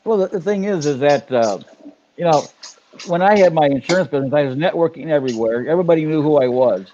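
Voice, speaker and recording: An older man speaks in a mellow, fairly high voice, rambling and hunting for words as he gives business advice. The audio is dull and lo-fi, like a live stream. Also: quick pace, a little hiss or hum. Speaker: business coach, co-host. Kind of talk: casual live chat.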